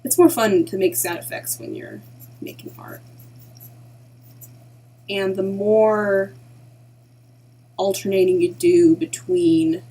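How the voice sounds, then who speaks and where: A woman narrating a casual digital art tutorial in a chatty way, often dropping into soft half-whispered asides to herself as she works. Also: fairly low pitch, husky, poor audio. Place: at home at her computer.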